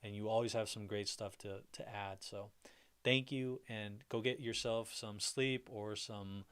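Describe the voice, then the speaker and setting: With a fairly low, steady voice that is clear, resonant and fairly bright, a man chats a little slowly on his livestream. He rambles cheerfully, restarts often, drops plenty of "like"s, and responds warmly to what viewers write.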